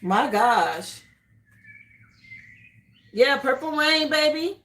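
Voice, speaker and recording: High-voiced woman reading tarot live. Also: lively intonation, very slow, fairly bright tone, echoey room. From grew up in Miami. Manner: casual, says "okay?" often, drawling. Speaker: tarot reader.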